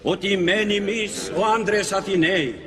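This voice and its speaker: A man's voice: sits high, fairly even intonation, normal speed, crowd noise, close to an everyday voice. An actor playing an elderly male philosopher who defends himself in court, declaiming a formal speech. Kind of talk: film dialogue. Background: music.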